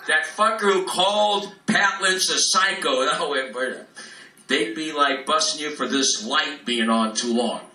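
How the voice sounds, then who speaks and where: A man's voice: fairly high pitch, unhurried, pushed and bright. A man doing a live stand-up set as a comedian, in a profane, rambling, free-form ad-libbed rant. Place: club room, live in front of an audience. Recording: roomy echo, distant mic, faint room noise.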